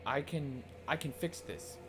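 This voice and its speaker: A man's voice: medium pitch, a little slow, background noise, lightly acted. A shaken young woman tending her wounded father, read out by a man. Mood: anxious. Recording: game music underneath. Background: game music.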